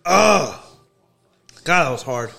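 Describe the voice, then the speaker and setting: A man's voice: on the high side, big pitch swings, slow, creaky, pushed and bright, slight background noise. A man chatting casually with friends, laughing and cracking crude jokes. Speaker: guest friend. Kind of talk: casual chat.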